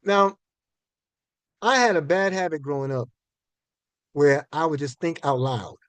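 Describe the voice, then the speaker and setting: High-voiced older man telling folksy stories. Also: unhurried, fairly bright tone, dry recording. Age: 60s. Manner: folksy and conversational, repeats and restarts words. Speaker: minister giving a finance talk. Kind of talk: storytelling lecture to an audience.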